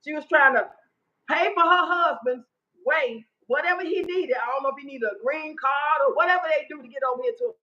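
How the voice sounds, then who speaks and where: A woman in her fifties hosting a casual live chat, loud, blunt and profane. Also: high-pitched, a little fast, muffled recording. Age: 50s. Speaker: livestream host.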